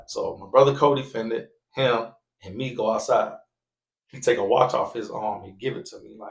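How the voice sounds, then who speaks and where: Podcast storyteller, man, mid-pitched, animated, does loud voices for the people in his story, echoey room. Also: a little fast. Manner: animated, acts out quoted voices loudly.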